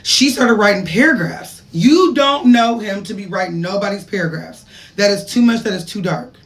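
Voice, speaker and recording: A woman's voice: medium pitch, moderate pace, far from the mic. A woman telling a gossip storytime in a casual, chatty way, reading out text messages with laughing asides. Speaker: gossip commentator.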